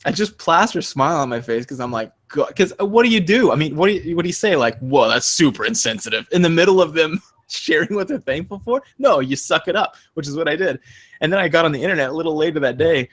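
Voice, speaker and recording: A young man co-hosting a casual podcast. He tells stories with animation and acts out quotes with sharp jumps in pitch. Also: animated, fast talker. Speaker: podcast co-host.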